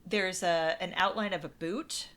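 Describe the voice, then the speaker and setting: A woman's voice: on the low side, steady tone, measured pace, fairly bright tone, a little hiss or hum. An American woman co-hosting a podcast, chatting casually in a playful, teasing way. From USA. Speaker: podcast co-host. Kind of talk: casual chat.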